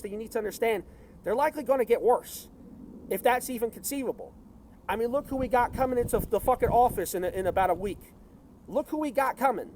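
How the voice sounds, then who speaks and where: A man's voice: extremely high pitch, a little mellow, a little hiss or hum. A man ranting angrily on camera, swearing often, in a clip played from a video. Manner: angry, profane ranting.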